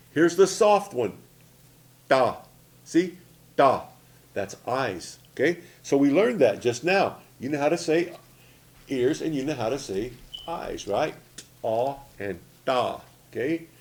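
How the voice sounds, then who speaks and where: A man's voice: medium pitch, sing-song, measured pace, a little mellow. A man in his sixties from Oklahoma, teaching a language lesson in a plain, repetitive way, often checking in with "okay?" and "see?". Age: 60s. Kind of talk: casual spoken lesson.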